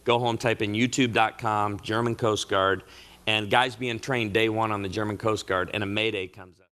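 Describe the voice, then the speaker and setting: A middle-aged man speaks to a marriage conference audience in a sermon-style talk, his voice bright and forward. He tells stories with lively comic timing. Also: lowish voice, normal speed. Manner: animated storyteller with comic asides.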